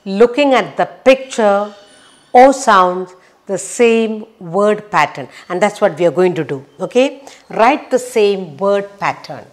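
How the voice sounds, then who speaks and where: A woman teaching a children's phonics lesson, sounding out letters slowly and repeating each one. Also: mid-range voice, expressive.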